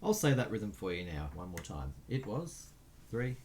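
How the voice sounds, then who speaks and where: A man's voice: deep voice, very animated, moderate pace, darkish tone, a little hiss or hum. A man teaching a recorded music lesson, counting beats aloud and chanting rhythm syllables while writing notes.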